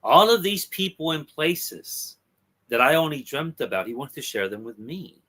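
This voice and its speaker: A man reading a young woman's comic dialogue aloud in a plain, husky voice. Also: on the high side, lively intonation, moderate pace, a bit bright, voice pushed up. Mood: quiet. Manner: plain reading, with little change of voice. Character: wistful young woman rejecting her lover.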